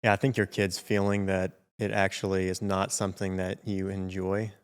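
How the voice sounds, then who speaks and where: A man's voice: low voice, little pitch movement, normal speed, clear, resonant tone. A man in his thirties co-hosting a casual discussion, affirming and reflective. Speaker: podcast co-host. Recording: reverberant room.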